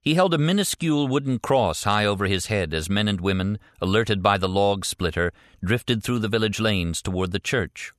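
A man reads an audiobook with measured, even narration. His voice sits on the low side and the recording is close and dry, with no room sound. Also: no echo. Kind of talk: scripted narration.

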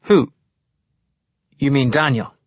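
A man's voice: medium pitch, slow pace, no room sound. A man voicing an earnest male schoolteacher in an audiobook reading. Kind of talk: audiobook narration. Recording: dull lo-fi dry audio.

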